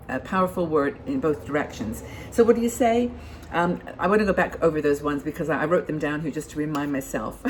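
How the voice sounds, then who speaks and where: Older woman host, low pitch, gravelly fry, rambling advice talk full of fillers. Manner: rambling, many fillers and restarts. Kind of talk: casual advice talk to camera.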